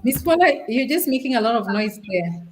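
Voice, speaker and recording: A woman's voice: on the high side, sing-song, moderate pace, a little mellow, low-quality recording. A woman from Africa hosting a live-streamed talk show, chatty, laughing often as she reads out greetings from viewers. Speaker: host.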